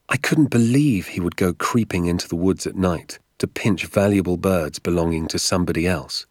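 A man reading a storybook aloud as narrator, measured and expressive. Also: sits low, no echo, clean studio sound. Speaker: audiobook narrator.

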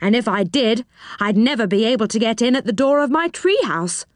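A cheerful round-faced magic fellow chats eagerly and politely, as a woman puts him on. His voice sits higher than the narration, and the recording is dry and close. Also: lively intonation, brisk, no echo, close to an everyday voice. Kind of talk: storybook reading.

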